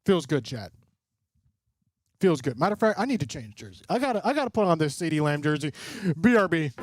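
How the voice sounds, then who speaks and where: A young man streaming live football play-by-play and reaction, joking with his chat in an excitable, playful way. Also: on the high side, very fast. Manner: excitable, jokey, talks straight to chat.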